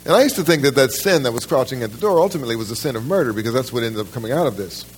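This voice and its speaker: A man's voice: medium pitch, animated, rapid-fire, a little hiss or hum. A man preaching a sermon to a church congregation, emphatic, often restarting his words and putting questions straight to his listeners. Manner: addresses the congregation directly with questions. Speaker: pastor. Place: church service.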